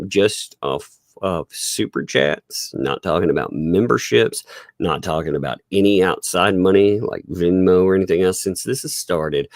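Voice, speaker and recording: A man's voice: low voice, gravelly, a little mellow, dry recording, clean studio sound. A man hosting a livestream, chatting casually in a mocking tone with frequent laughs and blunt swearing. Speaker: livestream host. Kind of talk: casual commentary chat.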